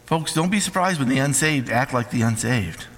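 A man's voice: mid-range voice, expressive, normal speed, a bit bright, in a large hall, slight background noise, low-quality recording. A man preaching a sermon with emphatic call-and-response questions to the congregation.

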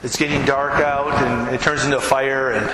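A male preacher giving an emphatic, animated sermon, acting out scenes as he goes. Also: medium pitch, normal speed. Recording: echoey hall with background noise.

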